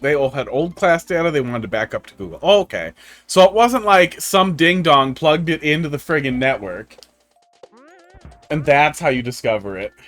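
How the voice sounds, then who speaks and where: Male game streamer, slightly high voice, wry rambling storyteller, light background music. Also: lively intonation, normal speed, a bit bright. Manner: rambling, profane, wry tech anecdotes. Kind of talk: casual live-stream chat. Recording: faint music underneath.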